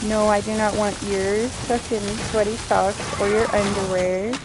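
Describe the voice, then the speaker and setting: Slow, profane woman streamer ranting. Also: mid-range voice, little pitch movement. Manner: profane, laughing, ranting to chat. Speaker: game streamer. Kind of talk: casual gameplay streaming chat. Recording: noisy background hiss.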